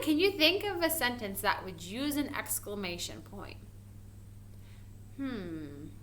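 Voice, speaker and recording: A woman with a bright, clear voice pitched a little high leads a recorded lesson for young children. She is gentle and encouraging and keeps asking the class questions. She reads each example sentence slowly, stretching out the words with exaggerated feeling. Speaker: first grade teacher.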